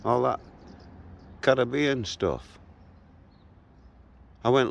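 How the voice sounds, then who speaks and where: A man's voice: fairly low pitch, lively intonation, a little slow, vocal fry, pauses often, a little mellow. A man of sixty-three, telling a tough local story in a blunt, combative way while walking around outdoors. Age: 60s. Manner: blunt, combative retelling of a confrontation. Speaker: vlogger. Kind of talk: walkabout storytelling to camera.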